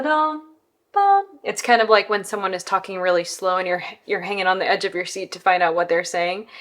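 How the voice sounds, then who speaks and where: A woman's voice: mid-range voice, a bit bright. A woman piano teacher explaining how she listens to a pianist, breaking down dynamics, articulation and tempo in an analytical way. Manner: analytical, hums and scats musical phrases.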